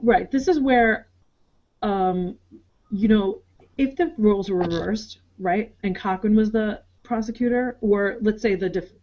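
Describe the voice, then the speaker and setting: Woman cohost chatting over a video call, lively, acts out quotes, kinda muffled lo-fi sound. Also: mid-range voice. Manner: animated, acts out characters' lines in quick asides. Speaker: podcast co-host. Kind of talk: casual chat recap.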